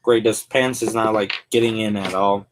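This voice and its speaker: A man's voice: lowish voice, steady tone, normal speed, background noise. A man on a casual live stream who thinks aloud as he assembles a toy figure. He rambles and fills his talk with "like" and "and all that".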